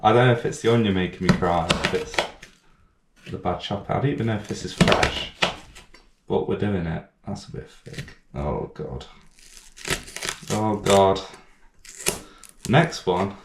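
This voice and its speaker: This cooking channel host speaks low and unhurried, pausing often over heavy background noise. He runs a casual home cooking vlog from an echoey kitchen full of clattering pans, chopping while he rambles, pokes fun at himself and swears plenty.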